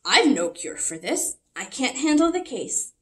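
A woman reading aloud the lines of a storybook doctor who gives up, in a measured, resigned way. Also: sits high, very animated, a bit bright, heavily acted. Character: grave, helpless family doctor, man.

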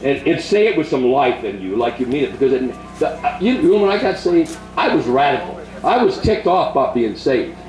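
An older man preaching at a revival, leading a crowd in shouted call-and-response prayer. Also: medium pitch, very animated, a little fast, hardly any pauses, reverberant, soft background music, rough recording.

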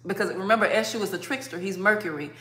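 A woman teaching a spiritual workshop in a lively way, acting out crying and laughing as she explains. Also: mid-range voice, quick pace, roomy sound.

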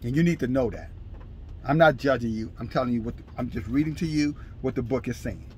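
A man preaching a fiery, scolding sermon, shouting scripture in bursts at his listeners. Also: mid-range voice, brisk, a little hiss or hum. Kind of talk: fiery street-style sermon.

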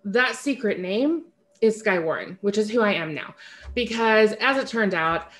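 A woman's voice: medium pitch, expressive, unhurried. A woman author talking candidly in an interview, chatty and self-correcting, often laughing at herself. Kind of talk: casual interview conversation.

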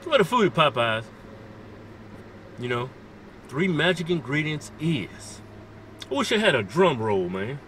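Brief: young man, loud teasing car-vlog host, profane, high and animated, slight road hum. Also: a little slow, long pauses. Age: 20s. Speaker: YouTube comedy host. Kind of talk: casual car vlog banter. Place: inside a car at a drive-through.

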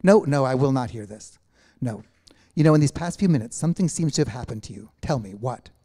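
An eager young woman who presses her friend with question after question, read by a man. The voice sits on the darker, mellow side. The delivery is insistent and heartfelt. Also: medium pitch, lively intonation, brisk, lightly acted. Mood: pleading.

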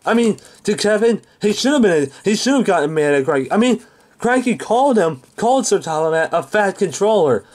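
A man's voice: sits high, very animated, fairly quick, a little mellow. A man reviewing a cartoon episode in an angry, exasperated rant full of swearing. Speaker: show reviewer.

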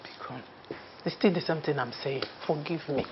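A woman's voice: low voice, moderate pace, background noise, natural voice. An actress playing a mother-in-law with a Nigerian accent who begs her son's wife not to leave. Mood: pleading. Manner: pleading. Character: pleading mother-in-law begging for her son. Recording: dull film audio with music.

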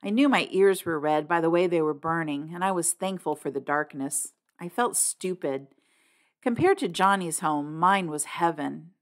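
A woman reading a novel aloud in an expressive audiobook style. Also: sits low, moderate pace. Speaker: reader.

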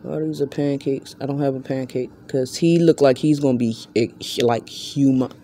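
A woman, vlogging casually from her bed at night in rambling, self-interrupting chatter, switching to a high baby voice when she talks to her pet. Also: steady tone, moderate pace, dark tone, slight background noise. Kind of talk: casual late-night vlog.

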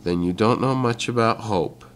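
A man's voice: lowish voice, moderate pace, soft background music, close to an everyday voice. A man voicing a young male vampire held prisoner, snapping back defiantly.

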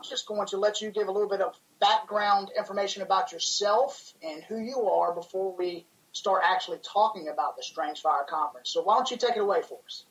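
A man's voice: sits high, brisk, few pauses, a bit bright, far from the mic, muffled recording. A man who co-hosts a podcast and pastors a church, chatting with enthusiasm and wandering off track as he talks. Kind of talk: casual interview chat.

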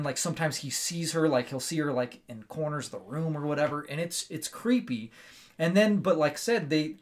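A man hosting a casual movie review, telling the story in an animated, rambling way with lots of fillers and tag questions. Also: fairly high pitch. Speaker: movie review show host.

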